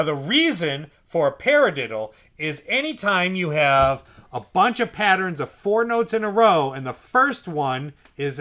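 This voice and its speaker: Bright-voiced man teaching drum rudiments. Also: a little high, a little hiss or hum. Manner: patient, repeats "okay?" often, speaks drum syllables aloud. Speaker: percussion teacher. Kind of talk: instructional lesson.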